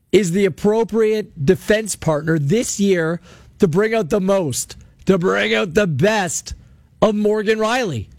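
High-voiced, sarcastic radio host man. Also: a little mellow, no echo, studio quality. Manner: emphatic, sarcastic ranting. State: losing his voice. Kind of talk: call-in sports talk radio. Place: radio studio.

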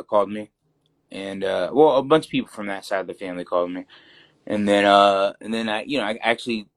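A young man with a low voice speaks as an interview guest. He talks loosely and rambles, filling gaps with ums and you-knows. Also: fairly bright tone. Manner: loose, rambling, heavy fillers. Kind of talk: casual interview talk.

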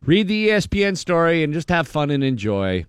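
A man's voice: fairly high pitch, brisk, clear, resonant tone, no echo, clean studio sound. A man hosting a morning radio show, joking casually with his co-hosts. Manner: relaxed, joking, plays back and forth with co-hosts. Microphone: studio microphone.

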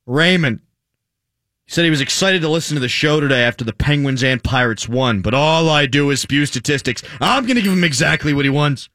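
A man hosting a sports talk radio show, sarcastic and animated, reading stats with mock drama in casual banter. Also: on the high side, brisk, dry recording, clean studio sound.

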